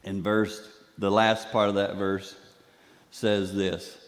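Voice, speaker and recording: An older man giving a sermon as a guest speaker in a church, telling stories in an animated way and acting out the voices he quotes. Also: lowish voice, slow pace, big-room sound. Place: church sanctuary.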